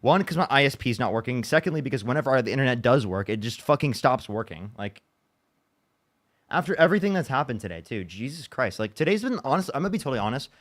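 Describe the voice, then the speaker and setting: Streamer host, male, rapid frustrated chatter, swears and restarts a lot. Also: medium pitch, very animated. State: upset after a bad day. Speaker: livestream debate host. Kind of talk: casual livestream chat.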